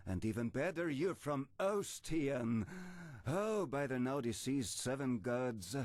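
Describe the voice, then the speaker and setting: A man's voice: mid-range voice, very animated, takes it slowly, darkish tone, dry recording. A flamboyant exiled merchant with a vaguely French-sounding accent, his voice swooping up and down with theatrical flair. He speaks floridly, with a dramatic, artistic air. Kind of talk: game character dialogue.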